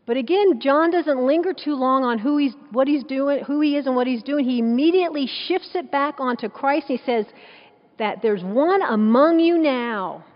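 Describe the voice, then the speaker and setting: A woman's voice: high voice, normal speed, few pauses. A woman preaching a sermon in an emphatic, conversational way, full of rhetorical questions, with a dull sound in a large echoing hall.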